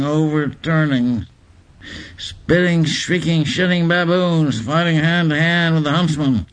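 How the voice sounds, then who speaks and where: A man reading literary prose aloud in a deliberate, deadpan recital. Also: fairly high pitch. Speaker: reader.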